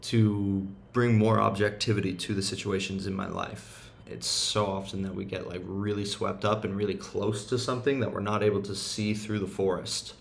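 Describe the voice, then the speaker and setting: Gravelly low-voiced man ranting casually. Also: level tone, moderate pace, few pauses, a little hiss or hum. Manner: loose, emphatic, swears freely, slangy. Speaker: meditation and self-help host. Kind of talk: casual motivational rant.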